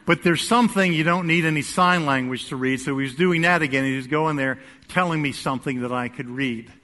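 A man preaching a sermon to his congregation, telling a humorous story and swinging between quiet asides and loud, emphatic peaks. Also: a little high, brisk. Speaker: pastor. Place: church sanctuary with congregation.

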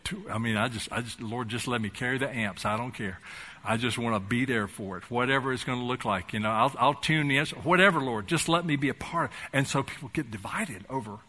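A man's voice: mid-range voice, fast talker, sharp tone. A man preaching a sermon as pastor, talking in a conversational, folksy way with touches of humor and building to fervent emphasis.

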